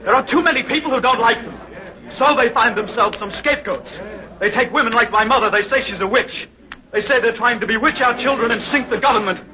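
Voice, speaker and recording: A furious son with a high, sharp voice. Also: male voice, brisk. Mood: angry, bitter. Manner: bitter, urgent protest. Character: angry grown son of a condemned woman. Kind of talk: 1950s radio drama acting. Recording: dull old radio broadcast.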